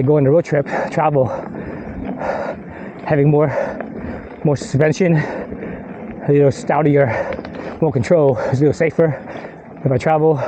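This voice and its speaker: A man's voice: a little high, dark tone, highs cut off. Breathless man talking while riding a rocky trail. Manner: rambling, restarts, swears under his breath. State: out of breath from climbing. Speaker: mountain biker filming his ride. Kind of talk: casual ride vlog talk. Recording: clear wind and rattle noise.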